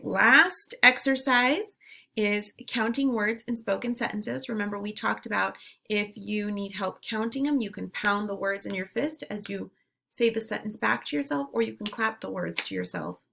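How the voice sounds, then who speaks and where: A woman teacher leading a phonics drill for young children, giving slow, clear, drawn-out word prompts. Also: medium pitch, a bit bright. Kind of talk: phonemic awareness lesson for young children.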